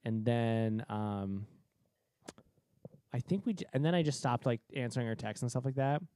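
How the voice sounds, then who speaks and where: A man in his twenties from Cape Cod, telling a story in a profane, animated way that is full of laughs. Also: mid-range voice, normal speed, a little hiss or hum. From Cape Cod, Massachusetts. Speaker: podcast co-host. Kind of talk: casual storytelling.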